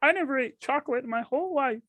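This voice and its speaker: A man's voice: expressive, bright, forceful tone, dry recording, full character voice. A man doing a quavering pompous old pundit. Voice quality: slow, halting, wavering high voice. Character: quavering high-pitched older male pundit, pompous.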